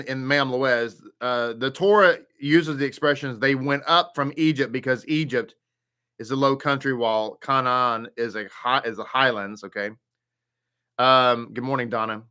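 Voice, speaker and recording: Bright-voiced chatty man greeting viewers. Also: medium pitch, smooth. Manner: chatty, greets viewers by name, jokes lightly. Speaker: rabbi teaching a daily Torah study. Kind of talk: casual livestream greetings and Torah teaching.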